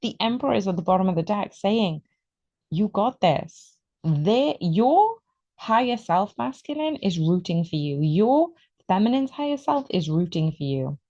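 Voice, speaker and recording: A woman giving an excitable, emotional tarot reading, stretching out her words for emphasis. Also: mid-range voice, unhurried, highs cut off. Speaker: tarot reader.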